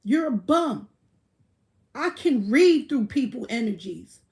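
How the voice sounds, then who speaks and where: A woman's voice: fairly high pitch, big pitch swings, slow, darkish tone. A woman hosting a livestream, ranting casually in a blunt, profane, boastful way. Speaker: livestream host.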